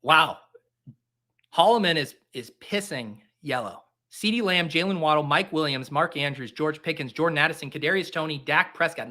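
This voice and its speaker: Pushed and bright, a fairly high male voice moves at normal speed. The speaker is a young livestream host keeping up casual chat that's jokey, rambling and caffeinated.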